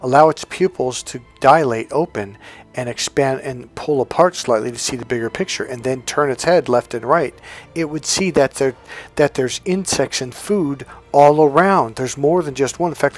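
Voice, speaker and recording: A man coaching on self-help, telling a personal story in a casual, animated monologue, often restarting his sentences. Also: medium pitch, moderate pace. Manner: animated storytelling, breaks into loud acted-out dialogue; frequent restarts and stumbles.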